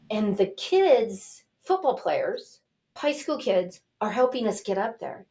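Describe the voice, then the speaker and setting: An older woman, a talk show guest, telling a personal story in a lively, animated way and acting out what people said. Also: on the high side, unhurried. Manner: animated, acts out quotes and cries. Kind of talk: casual storytelling.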